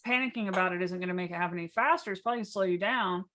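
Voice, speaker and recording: Calm, low-voiced woman coach. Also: very fast. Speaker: business coach. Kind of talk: casual workshop teaching.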